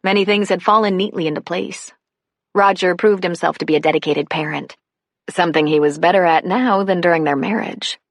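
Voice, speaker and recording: A woman narrating an audiobook in a steady, unhurried reading. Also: on the low side, dry recording, studio quality. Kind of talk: scripted narration.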